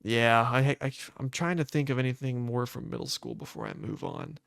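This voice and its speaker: A man's voice: medium pitch, lively intonation, normal speed, creaky, a bit bright, no echo. Rambling young man, dry close sound. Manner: rambling storyteller with many fillers. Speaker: podcast co-host. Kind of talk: casual chat.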